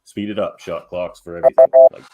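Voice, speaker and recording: A man with a fairly low voice argues his point in a loose comedy debate podcast. He is blunt and dismissive of the others, and he leans on "like" as a filler. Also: fast talker, dark tone.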